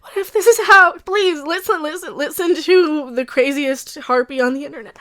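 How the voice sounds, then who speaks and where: A woman's voice: high-pitched, normal speed, few pauses, fairly bright tone. A woman hosting a livestream reaction, rambling in a casual emotional rant, with many restarts and laughs between points.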